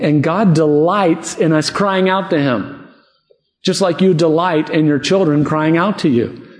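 A man preaching a sermon in an earnest, conversational way, often asking rhetorical questions. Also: on the high side. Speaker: pastor. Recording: echoey hall with long reverb.

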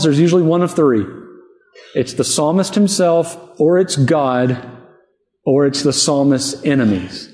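Pastor guy preaching, earnest chatty sermon, slightly high voice. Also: a little mellow. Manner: earnest, conversational preaching with rhetorical questions. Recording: echoey hall with long reverb.

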